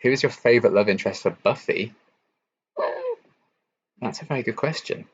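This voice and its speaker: A young man from England hosting a casual late-night live-stream Q&A, answering chat in a relaxed, chatty way with lots of ums and likes. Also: mid-range voice, moderate pace, slightly rough. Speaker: YouTube reaction channel host. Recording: slightly dull lo-fi stream audio.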